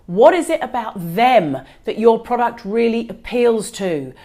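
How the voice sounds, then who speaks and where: A woman hosting her own business advice show, talking straight to the viewer in an energetic, emphatic way. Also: on the high side, unhurried. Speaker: host of a business video show. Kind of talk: upbeat direct-to-camera advice.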